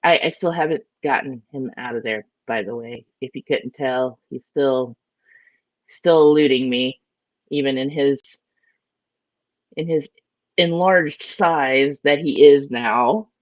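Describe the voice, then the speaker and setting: A woman's voice: very deep voice, slow, dry recording, dull audio. A chatty woman hosts a casual morning live stream and greets her viewers by name. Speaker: aquarium live-stream host.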